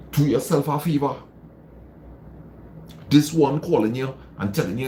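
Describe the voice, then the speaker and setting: A man's voice: mid-range voice, unhurried, long pauses, mellow, a little hiss or hum. A man hosting a live stream, giving casual motivational advice, repeating phrases for emphasis and answering viewer comments. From Trinidad and Tobago.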